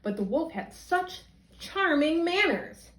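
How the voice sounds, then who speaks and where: A woman teacher reading a children's story aloud for young listeners, her voice high and leaping around expressively. The sound is roomy, with a clear echo. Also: slow. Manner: animated, expressive.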